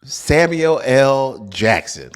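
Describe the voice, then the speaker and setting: A man's voice: medium pitch, big pitch swings, extremely slow, smooth. A man co-hosting a comedy radio show, laughing often and talking in casual slang. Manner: laughs a lot, slangy, says bro. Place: radio studio.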